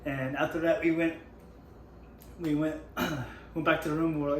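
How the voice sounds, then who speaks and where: A hoarse man hosting his own channel, telling an excited, rambling story with lots of restarts. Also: a little high, moderate pace, slight background noise. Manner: rambling with frequent restarts, hyped. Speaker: YouTube MMA channel host. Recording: echoey room with faint ambience.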